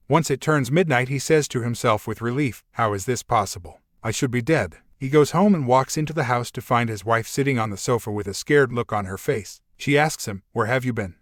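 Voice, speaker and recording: A man narrating scripted jokes in an even storytelling delivery. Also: mid-range voice, no echo, clean studio sound. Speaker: joke narrator.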